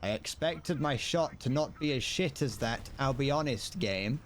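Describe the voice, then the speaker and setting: A young British man in his twenties talks casually over a video game from his room. He rambles from one joking aside to the next. His middle-range voice swings widely up and down in pitch. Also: expressive, normal speed, slight background noise. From Britain. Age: 20s. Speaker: streamer. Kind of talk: casual gaming commentary. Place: home room.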